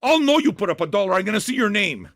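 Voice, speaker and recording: An older man hosting a music-reaction livestream, ranting at chat viewers in loud, profane, half-shouted tirades. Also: sits high, big pitch swings, fast talker.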